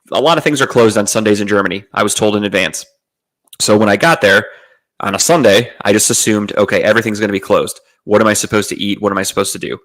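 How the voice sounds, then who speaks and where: Guy w a lowish voice, rambling and swearing a lot, chill storytelling. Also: a bit bright, poor audio. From United States. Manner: profane, rambling, laid-back. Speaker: podcast host. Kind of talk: casual storytelling monologue.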